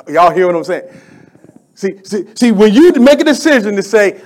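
A middle-aged man preaching with fervent, conversational energy. His voice sits high for a man, and he repeats phrases and calls out to the congregation as he builds his points. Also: big pitch swings, moderate pace. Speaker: pastor. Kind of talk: sermon.

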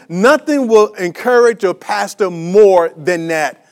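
A man with a high voice preaches slowly as a pastor. His sermon is emphatic and repetitive, full of restarts and fillers, with rhetorical questions aimed at the congregation.

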